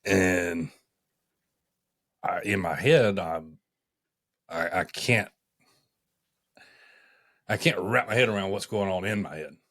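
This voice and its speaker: Man with a very low voice, firefighter guest, halting candid storytelling. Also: fairly bright tone. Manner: halting, with many restarts.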